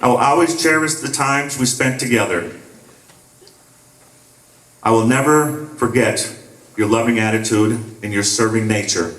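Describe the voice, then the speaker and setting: A middle-aged man with an Upper Midwest American accent, speaking slowly and solemnly as a father at his son's memorial. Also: medium pitch, fairly bright tone. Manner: slow, solemn. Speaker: father giving a tribute. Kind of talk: memorial tribute. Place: large hall at a memorial. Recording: echoey hall, distant mic.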